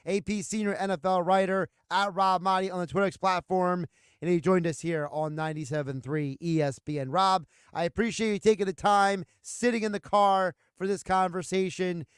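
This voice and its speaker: Male studio radio host, plainspoken and joking; high clear voice, dry close sound. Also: steady tone, moderate pace, no echo. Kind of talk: casual sports radio talk.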